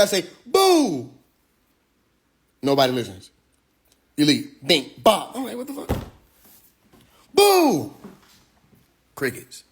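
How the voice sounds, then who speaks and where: A man's voice: high voice, fairly bright tone, breathy edge. A man hosting a livestream monologue, preaching with rhetorical questions and profanity. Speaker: livestream host. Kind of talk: Instagram Live monologue.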